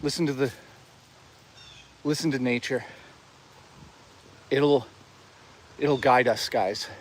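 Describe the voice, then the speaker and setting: A man talking casually to his live chat while walking outdoors in the woods, excitable, joking and swearing a lot. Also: medium pitch, slow pace, slight background noise. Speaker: live streamer. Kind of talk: casual live-stream chatter.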